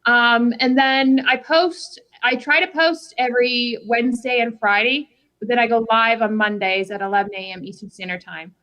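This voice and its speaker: A woman's voice: a little high, normal speed, low-quality recording. A woman guest on a livestream, talking casually and at ease about her posting schedule. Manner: relaxed, chatty, many fillers. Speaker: guest YouTube creator.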